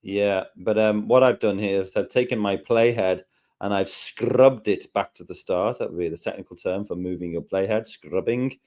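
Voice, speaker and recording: Relaxed British man co-hosting a tutorial. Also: on the low side, normal speed. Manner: relaxed, jokey, laughs often. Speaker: co-host tutor. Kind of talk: casual live tutorial chat.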